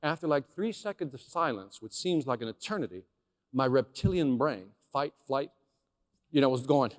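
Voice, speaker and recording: A man from Chicago giving a dramatic storytelling keynote as a motivational sales speaker, animated, swinging between hushed and loud, talking straight to the audience. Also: mid-range voice, moderate pace. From Chicago, USA. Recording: long hall reverb.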